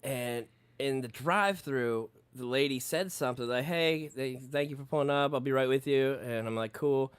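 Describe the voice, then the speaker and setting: A man spins a profane, lively story in casual conversation, playing out every voice he quotes. His voice sits in the middle range. The room sounds dry and close. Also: mid-range voice, moderate pace, hardly any pauses, smooth, no room sound.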